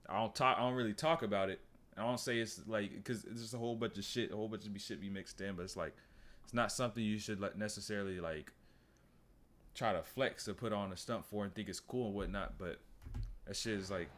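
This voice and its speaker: A man's voice: on the low side, brisk, fairly bright tone. A man giving casual reaction commentary, laid-back and slangy, often repeating his points. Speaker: reaction streamer.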